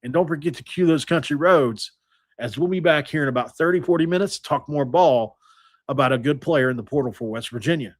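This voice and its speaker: A man's voice: on the high side, fairly quick, no echo. A man hosting a sports podcast, signing off in a loose, rambling way with lots of fillers and restarts, close to the mic. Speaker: podcast host. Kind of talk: casual podcast sign-off.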